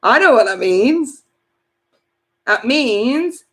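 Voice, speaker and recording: Unhurried woman, tarot reader chatting live with viewers; giggly, casual swearing. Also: on the high side, animated. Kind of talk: live-stream chat reading viewer comments.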